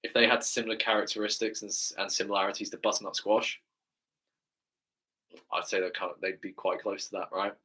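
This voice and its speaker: Man, English accent, fitness coach, live stream chat, enthusiastic, slightly low pitch, bright forceful tone. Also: steady tone, a little fast. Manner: enthusiastic, chatty, keeps adding "right?".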